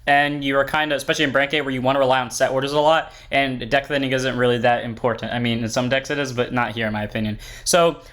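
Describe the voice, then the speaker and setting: A man's voice: mid-range voice, fairly even intonation, fast, few pauses, a bit bright. A young man hosting a card game channel, giving a rambling, upbeat deck review with frequent self-corrections. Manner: upbeat and enthusiastic.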